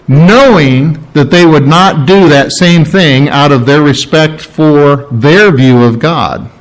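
A man preaching a sermon to a congregation, teaching from scripture with emphatic rises and restarts. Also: rough recording. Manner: animated preaching, rising in pitch for emphasis, with restarts. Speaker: pastor. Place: room with a congregation.

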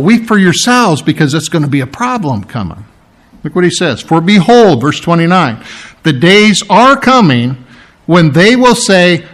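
A man preaching a sermon, acting out quotes with big swings in loudness and pitch, with frequent restarts and throat clearing.

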